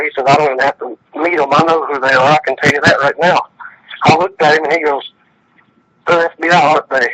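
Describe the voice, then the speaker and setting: Man, casual phone-in storyteller, slightly higher voice, forceful delivery, plainspoken. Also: low-quality recording. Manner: plainspoken, retells dialogue with many "he said"s. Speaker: guest storyteller.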